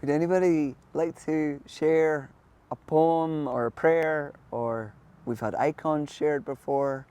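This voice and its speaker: Slow-spoken Scottish minister. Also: male voice, fairly high pitch, fairly even intonation, smooth. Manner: gentle, self-deprecating, laughs easily. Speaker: minister leading vespers. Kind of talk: leading sung prayer and worship. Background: guitar music.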